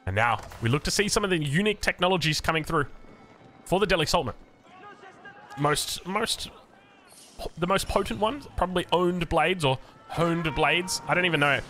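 A man's voice: a little high, animated, normal speed, pauses often, bright, forceful tone, faint music behind. A man with an Australian accent doing chatty esports commentary on a strategy game, with self-mocking asides. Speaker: game caster.

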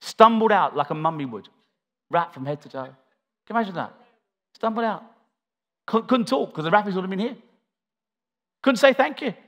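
A man delivers a church sermon with dramatic flair, his voice sitting a little higher than most men's. He swings between loud, stirring declarations and quiet, hushed asides, acting out the lines he quotes from scripture. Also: lively intonation, fast. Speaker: preacher.

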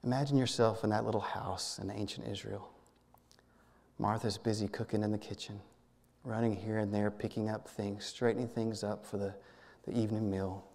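A man serving as minister, leading a guided prayer meditation in a gentle, halting way, often repeating words and dropping to a soft hush. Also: on the low side, little pitch movement, creaky, long reverb tail. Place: church sanctuary.

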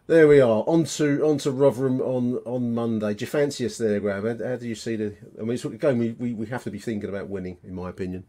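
Male podcast host, rapid casual chatter, stumbles and restarts. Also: medium pitch, steady tone, warm tone. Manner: chatty, many repeated words and restarts. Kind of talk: casual football chat.

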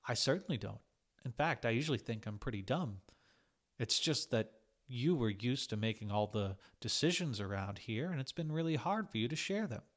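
Man doing a young woman, shy, earnest, soft-spoken, sincere, storybook. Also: mid-range voice, expressive, moderate pace, close to an everyday voice.

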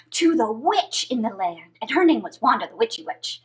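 A woman's voice: on the high side, moderate pace, low-quality recording. A woman hosting a children's story time, playfully leading pretend games and telling a story in a sing-song way. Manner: playful, animated, leads children in pretend play. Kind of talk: live kids' story time reading.

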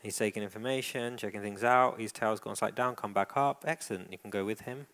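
A man giving a live dog-training demonstration, calmly narrating a dog's behaviour and encouraging the owner. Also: on the low side, fairly quick. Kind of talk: presentation with live coaching. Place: indoor event hall.

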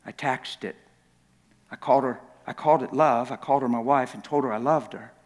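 A man's voice: medium pitch, fairly quick. A man preaching a sermon in a large church, telling his story in an impassioned, confessional way. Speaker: guest preacher. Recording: long church reverb.

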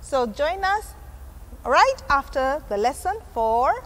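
A woman's voice: sits high, very animated, slow, low-quality recording. A woman hosting a children's church show, chatting casually and giggling often. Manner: bright, giggly, responsive. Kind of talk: casual chat on a kids' show.

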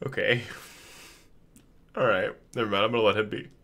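A man live-streaming a video game, talking to the characters in an animated, profane, joking way. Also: fairly low pitch, brisk. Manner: animated, swears a lot, talks to game characters. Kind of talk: live gaming commentary.

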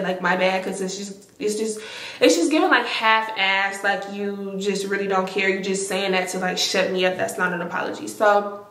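A young woman, casually telling a storytime to camera, animated and swearing freely. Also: mid-range voice. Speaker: storytime vlogger. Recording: echoey room.

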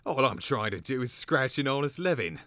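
A man voicing a shrewd, complaining male creature who sells charms, wheedling and gruff. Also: low voice, normal speed, sharp tone, dry recording. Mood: grumbling. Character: grumbling male creature peddler, wary, shrewd. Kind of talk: dramatic reading.

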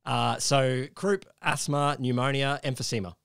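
A man's voice: medium pitch, steady tone, vocal fry, fairly bright tone, clean tone, no room sound, studio quality. A chuckling, hesitant male podcast host. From Australia. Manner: laughing, halting with ums and restarts. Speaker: podcast co-host quizzing the others. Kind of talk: casual comedic chat.

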